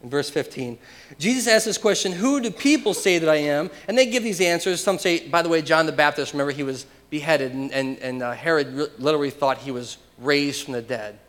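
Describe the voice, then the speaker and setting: A male pastor preaching a sermon, emphatic, swinging from loud proclamations to hushed asides. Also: a little high, fairly quick, big-room sound.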